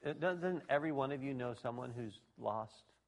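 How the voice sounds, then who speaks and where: A man preaching a sermon to his congregation in an animated, folksy way, with speech and shouted exclamations. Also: mid-range voice, normal speed. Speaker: pastor.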